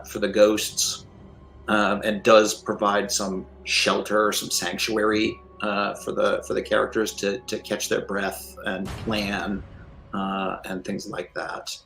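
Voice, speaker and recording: A man talking through game design ideas on a live stream, measured and leaning on "you know" fillers. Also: fairly low pitch, a bit bright, echoey room, poor audio. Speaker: line developer and game designer.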